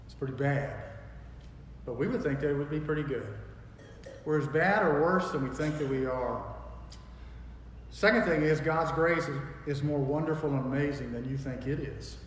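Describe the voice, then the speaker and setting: A pastor preaching a sermon with emphatic, folksy delivery, jumping from quiet asides to loud declarations. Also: male voice, on the high side, moderate pace, long pauses, a little hiss or hum. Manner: emphatic preaching with wide swings in loudness; folksy storytelling. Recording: echoey hall with long reverb.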